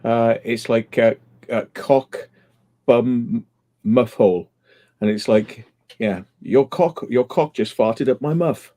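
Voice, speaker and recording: A man's voice: mid-range voice, takes it slowly, mellow. A man in a casual late-night stream chat, rambling through crude jokes and laughing often.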